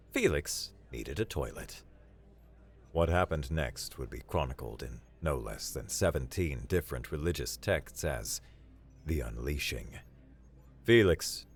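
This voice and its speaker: Deep-voiced man, wry narration. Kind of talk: scripted comedic sci-fi narration.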